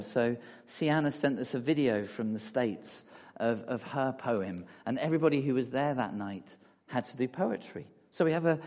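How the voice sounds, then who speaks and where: A middle-aged man giving a relaxed, chatty talk in a church hall, full of fillers and asides to the audience. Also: mid-range voice. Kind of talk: conversational sermon with slides. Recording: long hall reverb.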